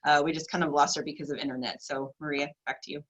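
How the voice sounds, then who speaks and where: A woman moderates a panel over a video call. Her voice is low but bright and forceful, and she talks in an informal, easygoing way. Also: steady tone, fast talker, dull audio. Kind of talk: panel discussion.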